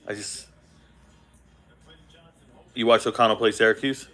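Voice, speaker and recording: A man hosting a casual live-stream reaction to the football draft from a hotel room without his usual setup, animated and repeating himself for emphasis. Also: medium pitch, normal speed, pauses often, soft background music. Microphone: not his usual setup.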